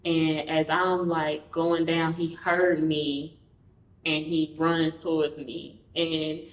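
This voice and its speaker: A woman with a slightly low voice shares her own story as a podcast guest. She speaks candidly and conversationally, and she slips into the voices of the people she quotes. The sound is roomy and echoey. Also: slow. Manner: animated, acts out quoted dialogue. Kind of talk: personal storytelling in an interview. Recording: roomy, mic at a distance.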